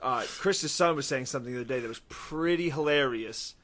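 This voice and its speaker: A man co-hosting a casual podcast, telling a story excitedly through laughter. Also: mid-range voice, fairly quick. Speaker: podcast co-host.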